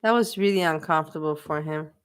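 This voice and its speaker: A woman's voice: low-pitched, fast talker, clear, resonant tone. Emotional woman chatting on a livestream. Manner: emotional, repetitive, talks to her chat. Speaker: livestream host. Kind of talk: casual livestream chat.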